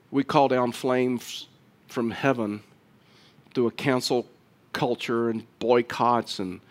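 A man preaching a sermon as pastor, earnest, with frequent restarts, growing louder and quicker toward the close. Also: mid-range voice.

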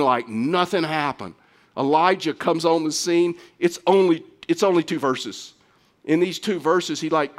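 A middle-aged man preaching a sermon, earnest and conversational, often restarting his sentences. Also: on the high side. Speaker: pastor.

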